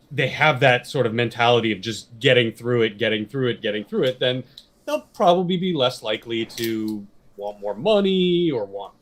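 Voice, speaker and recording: A man talking casually as a podcast co-host, his voice sitting at an ordinary middle pitch. He rambles through his opinions, restarts his sentences and swears without a second thought. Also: a bit bright. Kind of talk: casual chat.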